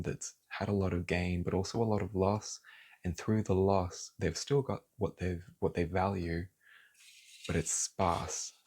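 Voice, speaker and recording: A man's voice: low-pitched, warm tone, husky. A man giving a casual tarot reading, talking heatedly, swearing and then apologizing for it. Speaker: tarot reader.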